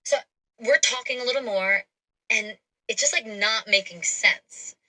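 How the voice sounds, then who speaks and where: A woman's voice: a little high, measured pace, low-quality recording. A young woman telling a dating story in a casual, chatty way, full of fillers. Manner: chatty, animated, frequent fillers. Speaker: storyteller in a played clip.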